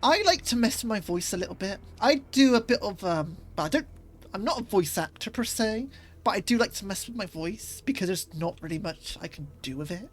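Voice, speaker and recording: A woman's voice: medium pitch, animated, a little fast. A woman streamer chatting casually as she plays, rambling a little with fillers. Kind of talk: casual gaming stream commentary.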